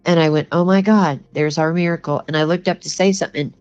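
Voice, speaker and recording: A woman's voice: sits low, fairly even intonation, fast talker, clear, resonant tone. An older woman telling a personal story as a guest, earnest and plainspoken, with lots of "you know" in her talk. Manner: earnest, plainspoken, conversational with many you-knows. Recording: dull lo-fi sound with faint music.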